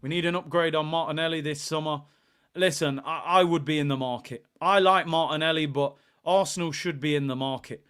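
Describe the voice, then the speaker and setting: An excitable young man, hosting a live football watchalong. His voice sits a bit high and rings bright and forceful. He talks fan commentary over the match and reads out chat messages, then breaks into shouts when the play gets tense. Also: a little fast, clean tone.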